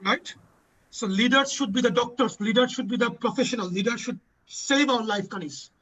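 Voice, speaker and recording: A man's voice: very high-pitched, normal speed, pushed and bright, slight background noise. A man hosting a community panel, giving an emotional speech and repeating lines for emphasis. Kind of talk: impassioned advocacy speech. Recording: dull lo-fi audio.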